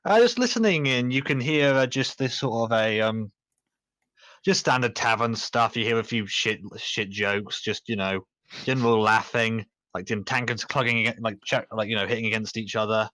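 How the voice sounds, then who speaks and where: A man's voice: medium pitch, normal speed, pushed and bright, dry recording. A man acting as game master, narrating a tabletop game in a loose, rambling way.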